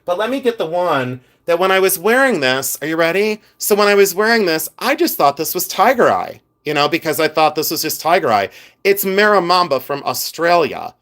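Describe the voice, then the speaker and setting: A middle-aged man hosts a live stream, chatting with viewers and showing off jewelry. He's animated and rambling, with many asides, speaking briskly in a voice that's a little high.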